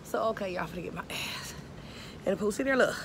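Out of breath beside an outdoor pool, a woman vlogs casually to her viewers in a chatty, dramatic, self-mocking way. Her medium-pitched voice is animated and fast, with slight background noise.

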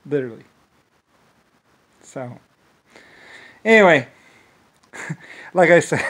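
A man's voice: a little high, rough recording. A man talking in a rambling monologue, restarting phrases often and breaking into laughter.

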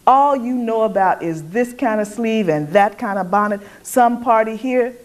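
A woman's voice: on the high side, moderate pace, voice pushed up, lightly acted. A woman voicing a fierce, defiant young enslaved woman who taunts and grieves in dialect. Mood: taunting.

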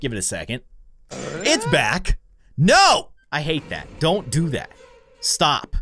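A man giving jokey let's-play commentary, swinging between shrieks and deadpan asides. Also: mid-range voice, slow pace, gravelly, soft background music. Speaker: gaming YouTuber.

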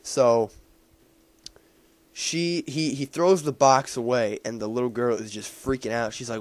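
A man's voice: mid-range voice, steady tone, unhurried, dry recording. A man casually recapping a movie he just saw, rambling with many fillers and restarts. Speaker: movie reviewer.

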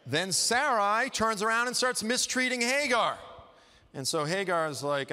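A man's voice: high voice, lively intonation, moderate pace, bright, forceful tone. A man giving a sermon in a church, telling the story in a conversational, humorous way. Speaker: guest preacher. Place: church hall. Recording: long hall reverb.

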